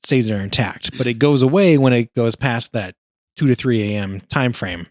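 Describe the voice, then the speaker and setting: A man's voice: mid-range voice, moderate pace, no room sound, clean studio sound. A man co-hosting a podcast, easygoing in casual chat, explaining things at length. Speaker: podcast co-host.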